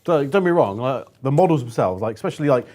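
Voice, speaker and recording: Chill dude on a stream, sweary, lots of like, mid pitch. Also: male voice, animated, quick pace, a little mellow. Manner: laid-back, swears freely, lots of "like". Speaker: co-host reading stream chat. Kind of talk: casual livestream chat.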